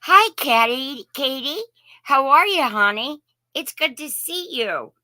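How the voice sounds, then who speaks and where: Slow-talking chatty woman with a bright voice. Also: high voice, lively intonation, no echo. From Indiana. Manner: chatty, folksy, greets viewers by name. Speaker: live stream host. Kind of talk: casual live chat with viewers.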